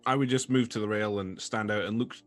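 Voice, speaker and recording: A man playing a tabletop game as a player, lively and joking. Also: lowish voice, fairly quick, faint music behind.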